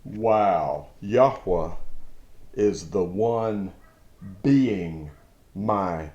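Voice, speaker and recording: A man giving a reflective devotional Bible teaching, slow and thoughtful with sudden emphatic bursts. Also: low voice, expressive, mellow, roomy sound, muffled recording. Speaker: preacher.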